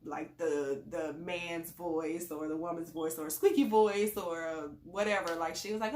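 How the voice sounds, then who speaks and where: A woman's voice: fairly low pitch, fairly even intonation, moderate pace. A woman talking casually in a rambling, conversational way, giving parenting advice in a vlog. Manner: chatty and conversational, rambling with fillers. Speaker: parent sharing advice on a channel. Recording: echoey room.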